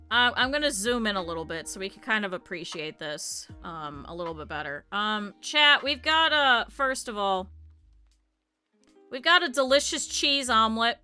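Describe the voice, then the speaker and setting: Excitable high-voiced woman streamer. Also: clean tone. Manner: swears a lot, laughs often, excitable. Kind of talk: casual live-stream chat. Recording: faint music behind. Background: faint background music.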